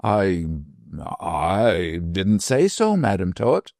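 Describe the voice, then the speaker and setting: A man's voice: lowish voice, sing-song, extremely slow, gravelly, darkish tone, no room sound, studio quality, exaggerated voice. A man voicing a young male fiddler in love, earnest and easily flustered, in a storybook reading. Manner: hesitant, defiant, pleading.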